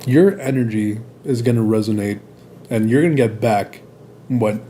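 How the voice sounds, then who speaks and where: A man's voice: on the low side, moderate pace, mellow, a little hiss or hum. A man hosting a podcast, chatting casually, blunt and supportive, cursing freely. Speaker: podcast host. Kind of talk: casual conversation.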